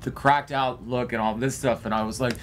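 A man's voice: mid-range voice, a little fast, slight background noise. A man in casual conversation, telling stories from a film shoot and acting out what people said. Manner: animated storytelling, acts out quotes. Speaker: filmmaker and lead actor. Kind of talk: casual behind-the-scenes chat.

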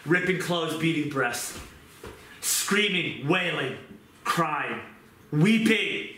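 A man preaching a fervent sermon, moving from pleading prayer to quieter scripture reading. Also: a little high, lively intonation, very slow. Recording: echoey room with noise.

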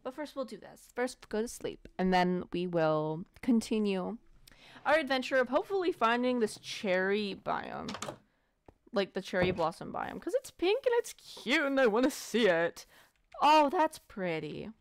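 A woman's voice: mid-range voice, sing-song, unhurried, no room sound. A woman giving casual, rambling gameplay commentary, muttering self-deprecating asides to herself as she plays. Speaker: let's play gamer.

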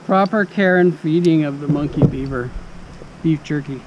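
A man's voice: on the high side, moderate pace, lo-fi sound. A man working as an arborist, joking and chatting casually to camera outdoors at a tree site. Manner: joking, chatty, talks while eating. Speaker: arborist filming tree work. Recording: noisy outdoor recording.

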